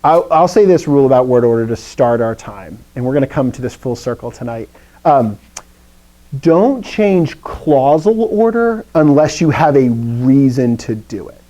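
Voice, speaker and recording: A man's voice: medium pitch, big pitch swings, normal speed, mellow, low-quality recording. A man from the American South teaching a Greek class, chatty and playful, with lots of asides. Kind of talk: classroom lecture.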